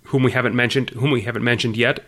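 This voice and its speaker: A man's voice: mid-range voice, steady tone, quick pace, a loud crowd. A man co-hosting a casual podcast, teasing his partner with dry humor. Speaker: podcast co-host.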